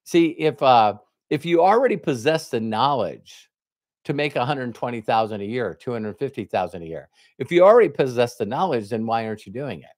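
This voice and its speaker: A man's voice: medium pitch, animated, normal speed, dry recording, studio quality. A middle-aged man giving a motivational business talk, telling a story and acting out both sides of a conversation. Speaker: network marketing trainer. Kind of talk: motivational talk with retold dialogue.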